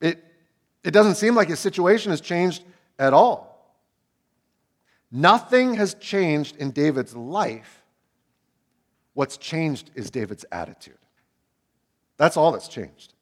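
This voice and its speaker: A man in his thirties preaching a sermon as a pastor, swinging from loud emphatic peaks to hushed low asides. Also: lively intonation, slow pace, pauses often.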